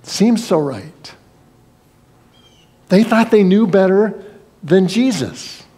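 A man's voice: sits high, lively intonation, slow, warm tone, breathy edge. A man preaching a sermon as pastor, in a conversational style, acting out quoted voices and sometimes repeating words.

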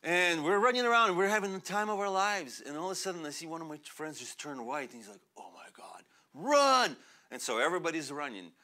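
A young man born in Russia, a pastor preaching a sermon in a church, animated and chatty, laughing often and using many fillers. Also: a little high, fast, hardly any pauses. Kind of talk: sermon with personal storytelling. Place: church sanctuary.

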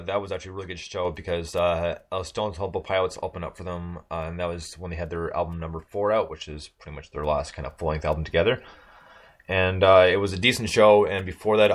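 A man from Michigan telling a casual story on a podcast, rambling with many fillers and restarts. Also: low-pitched.

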